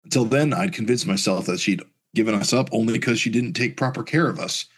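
A man reading aloud the halting lines of an insecure young male superhero who feels unworthy. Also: mid-range voice, husky, close to an everyday voice. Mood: glum. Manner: hesitant, self-deprecating. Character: insecure young male hero, self-doubting.

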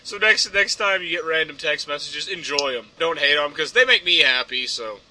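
A young man with a high, very bright voice tells a rambling story on a casual podcast. He slips into acted-out lines of text messages and keeps breaking into laughter. His talk is loose and full of fillers. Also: animated, moderate pace, a little hiss or hum. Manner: rambling, laughs often, acts out text exchanges. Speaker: podcast co-host.

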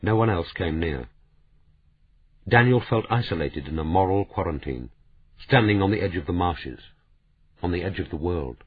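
A man reading a novel aloud in measured, somber scripted narration. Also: low-pitched, expressive, slightly rough, no room sound. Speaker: audiobook narrator. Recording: narrow, phone-like audiobook sound.

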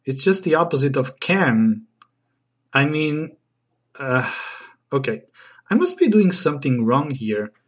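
A man's voice: mid-range voice, very animated, unhurried, long pauses, husky. Playful man with a Portuguese accent. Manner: playful, mock-exasperated, self-deprecating. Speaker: podcast host. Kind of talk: comic monologue podcast.

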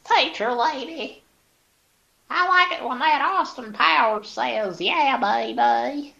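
A man voicing an annoying woman coworker in a high falsetto with a cheesy mock Australian accent. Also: slow, creaky, sharp tone, muffled recording, heavily acted. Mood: chirpy.

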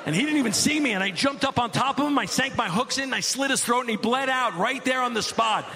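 A man in his forties performing a stand-up comedy set, telling stories deadpan and building to loud absurd bits. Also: very high-pitched, fast.

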